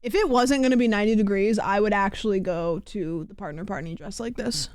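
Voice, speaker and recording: A woman's voice: medium pitch, a little fast, a little mellow, smooth, dry recording, clean studio sound. A woman streamer chatting casually and playfully, giggling and swearing as she talks. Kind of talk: casual livestream chat.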